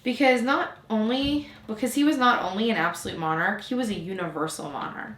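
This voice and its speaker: A woman narrating a storybook aloud in a gentle, even storytelling manner. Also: mid-range voice, a little fast, few pauses. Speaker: storybook reader. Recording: roomy echo.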